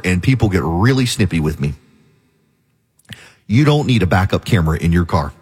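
A man's voice: mid-range voice, darkish tone, breathy edge. A man hosting a talk radio show, delivering an opinionated, emphatic monologue.

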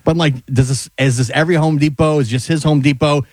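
A man with a slightly high voice speaks fast as he co-hosts a casual radio chat. He chimes in with quick questions, and the sound is dry and close to the mic. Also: fairly even intonation, a little mellow, no echo.

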